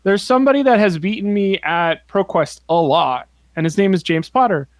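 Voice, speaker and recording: A man with a rather high voice chats on a podcast, retelling a card game match in an animated, laughing way with a few curses thrown in. His voice sits close on the microphone in a dry, dead room. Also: moderate pace, no room sound. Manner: animated storytelling, swears, laughs often. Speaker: podcast co-host. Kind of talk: casual podcast chat.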